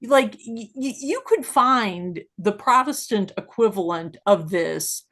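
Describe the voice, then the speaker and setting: A woman co-hosting a casual discussion podcast, explaining at length with many fillers and growing animated when she makes a point. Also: medium pitch, slow. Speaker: podcast co-host.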